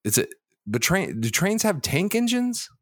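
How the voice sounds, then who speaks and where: A man's voice: high voice, sing-song, unhurried, a bit bright, no echo, studio quality. A man co-hosting a casual sports betting podcast, loose and profane, teasing his partner and jumping between topics. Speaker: podcast co-host.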